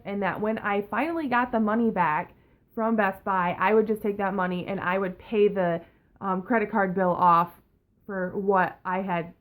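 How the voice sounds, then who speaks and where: A young woman in a casual storytime vlog, telling a story in an angry, profane, animated way. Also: mid-range voice. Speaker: vlogger.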